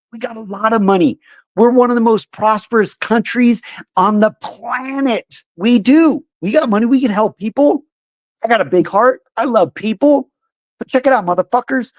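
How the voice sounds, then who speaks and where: A young American man hosting a podcast, ranting loudly about politics with a combative, profane manner. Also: high-pitched. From United States. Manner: loud, combative, swearing. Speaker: podcast host.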